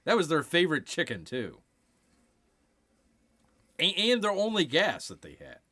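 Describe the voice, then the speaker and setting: A man's voice: fairly high pitch, wildly swooping pitch, unhurried, bright, forceful tone. A man hosting a casual movie watch-along, making wry, jokey remarks about the film. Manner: jokey, wry, often slips into silly voices. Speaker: streamer, host.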